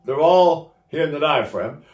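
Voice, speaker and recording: An older man gives a singing lesson in a roomy, echoing space, his speaking voice sitting a touch high. He explains technique in an easy, unhurried way, then breaks into loud operatic bursts. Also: expressive. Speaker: voice teacher.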